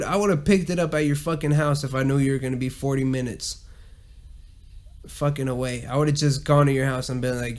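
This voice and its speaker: A man with a Southern US drawl rants into his podcast mic, complaining and cursing at every turn. His voice sits at an everyday middle pitch. It is loose, unscripted griping. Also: a little mellow. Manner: profane, ranting, complaining. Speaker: podcast host. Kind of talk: casual ranting monologue.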